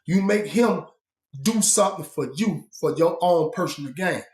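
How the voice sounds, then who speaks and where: A man casually telling a story about his time in prison. His talk is blunt and profane, full of fillers, and he changes his voice to act out the people he quotes. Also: moderate pace. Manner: shifts pitch and loudness to act out quoted people. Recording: roomy echo.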